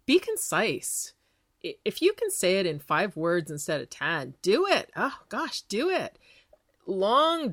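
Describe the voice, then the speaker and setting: Quick, chatty woman podcast host. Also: lowish voice, dry recording, studio quality. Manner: lively, chatty, quick-talking with laughs. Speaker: podcast host and small business coach. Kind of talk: advice podcast monologue.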